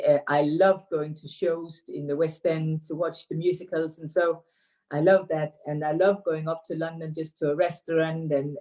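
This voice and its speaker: Low-voiced Danish woman with many pauses. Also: warm tone. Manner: hesitant, many fillers and restarts. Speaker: interview guest, dance teacher. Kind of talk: casual remote interview. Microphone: video call.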